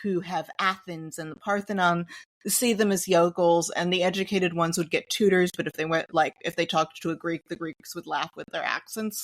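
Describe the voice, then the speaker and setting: A woman co-hosting a film podcast, giving a wry, explanatory review in casual chat. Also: fairly low pitch. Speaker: podcast co-host.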